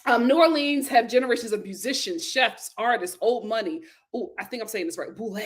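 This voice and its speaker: A woman hosting a casual live stream, reading viewer comments aloud, laughing often and breaking into loud exclamations. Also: a little high, fairly quick, hardly any pauses.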